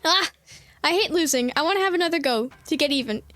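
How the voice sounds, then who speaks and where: A woman's voice: sits high, expressive, fast, a bit bright, no echo. Woman reading as a bossy teenage girl. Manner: reading game dialogue aloud, bossy and dramatic. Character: bossy proud teenage girl festival champion.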